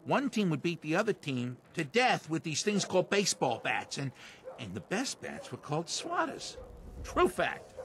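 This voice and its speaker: A brash Boston street hawker. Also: male voice, a little high, huge pitch swings, moderate pace, a bit bright, slight background noise. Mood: hawking. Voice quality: brash, hawking sales patter. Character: boisterous male street vendor hawking bats, pushy salesman. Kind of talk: video game character voice.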